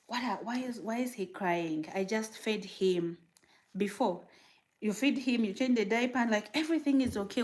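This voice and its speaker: A woman from Uganda, chatting casually on a livestream as a new mother, rambling and animated while reading viewer comments. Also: mid-range voice.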